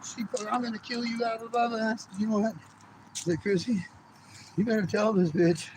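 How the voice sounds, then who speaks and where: A guest sharing his testimony speaks in a high-pitched, level tone, a little on the fast side, rambling casually with plenty of profanity. He acts out the voices of people in his story against a noisy background.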